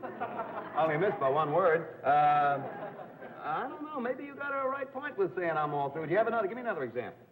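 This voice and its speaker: A man's voice: sits high, very animated, crowd noise. A man hosting a live radio quiz show, firing off questions and cracking jokes at the contestants. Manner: joking, quick wisecracks. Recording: tinny, hissy 1950s broadcast recording.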